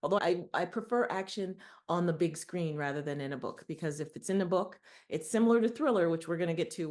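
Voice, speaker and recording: A woman co-hosts a relaxed book conversation. Her voice sits low for a woman, and she talks easily, often with a light laugh. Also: fairly quick. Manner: easygoing, light laughs between remarks. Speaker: podcast co-host. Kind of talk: casual book discussion.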